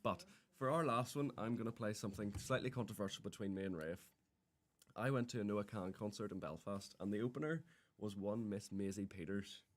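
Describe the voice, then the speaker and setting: A man's voice: fairly low pitch, a little fast. A young man co-hosting a student radio show, bantering playfully with mock-grand jokes. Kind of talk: casual radio chat.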